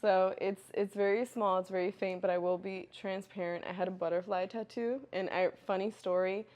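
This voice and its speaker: A young woman chatting candidly as she answers viewer questions, filling her talk with "like" and "you know" and getting loud and lively when she tells a story. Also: medium pitch, moderate pace. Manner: gets loud and animated when telling stories. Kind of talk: casual Q&A chat.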